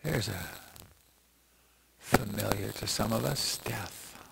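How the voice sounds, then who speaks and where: A man's voice: lowish voice, slow, creaky, very noisy. An older man, a meditation teacher, giving a reflective, meandering dharma talk full of restarts and asides.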